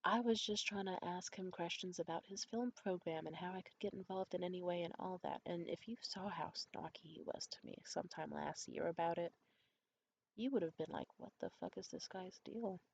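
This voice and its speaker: A woman's voice: fairly quick, creaky, slight background noise. A young adult woman vlogger telling a candid, profane story in a conspiratorial way. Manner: acts out quoted voices high and loud. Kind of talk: storytime vlog.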